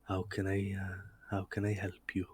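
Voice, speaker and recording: A man's voice: low-pitched, monotone, normal speed, darkish tone, husky, no echo. A man voicing an old, genial male elephant-kin clothes merchant with a Northern Irish accent. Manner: genial, courteous shopkeeper.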